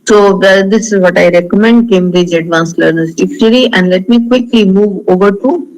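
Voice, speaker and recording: Man, Indian English accent, lecturer tone, high voice, measured with many uh's. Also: low-quality recording. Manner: measured, slows to model words, frequent fillers. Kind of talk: online lecture on pronunciation.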